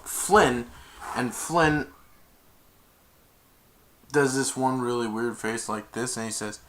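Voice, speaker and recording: A man's voice: medium pitch, slow pace, pauses often, fairly bright tone. A man casually retelling a film's plot, rambling and stringing each event together with "and then". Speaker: film reviewer.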